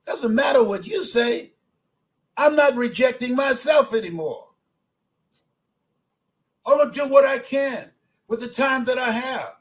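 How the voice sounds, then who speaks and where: An older man in his seventies delivers a motivational speech in a strikingly high voice. He hammers his points with repeated phrases, dropping low and soft, then climbing to emphatic shouts. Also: a little slow, pauses often, low-quality recording. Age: 70s. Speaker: motivational speaker.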